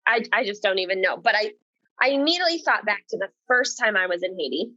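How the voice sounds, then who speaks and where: A woman in her twenties, a podcast guest, telling a personal story in an earnest, animated way and laughing often. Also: mid-range voice, quick pace, dry recording, lo-fi sound. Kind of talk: casual conversational interview.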